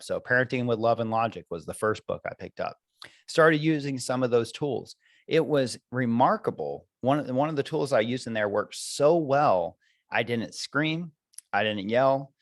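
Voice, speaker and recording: A man's voice: mid-range voice, no room sound. A man who coaches parents, talking earnestly and reflectively in a podcast conversation, with many fillers.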